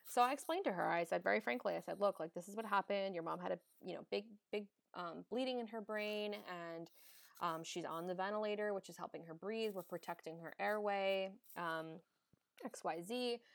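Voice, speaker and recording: A woman's voice: mid-range voice, brisk, gravelly, no room sound. Young woman er nurse podcasting, blunt and sweary, dry close mic. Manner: frank, emphatic, swears freely. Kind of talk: candid casual chat.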